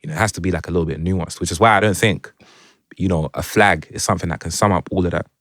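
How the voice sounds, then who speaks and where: A young guest musician speaks fast in a low, slightly bright voice, his London accent carrying a Jamaican twang. The recording is dry and close. Laid-back and reflective, he leans on filler phrases and keeps checking in with his listener in casual conversation.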